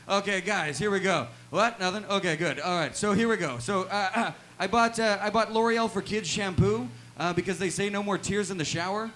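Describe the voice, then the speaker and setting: High bright-voiced guy doing stand-up. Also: brisk, hardly any pauses. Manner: deadpan one-liners, constant "right?" tags. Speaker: stand-up comedian. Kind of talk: stand-up comedy set. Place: small live music venue.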